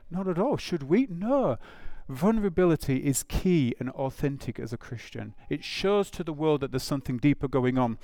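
A man's voice: a little high, lively intonation, moderate pace, hardly any pauses, a little mellow, no room sound. Conversational male preacher, dry sound. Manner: informal, with frequent "it's like" asides and acted-out quotes. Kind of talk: conversational sermon.

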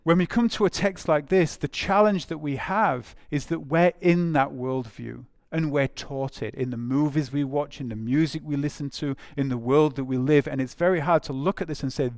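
A man's voice: on the high side, moderate pace, hardly any pauses, no room sound, clean studio sound. A man preaching a sermon in a conversational way, with frequent fillers and phrases repeated for emphasis.

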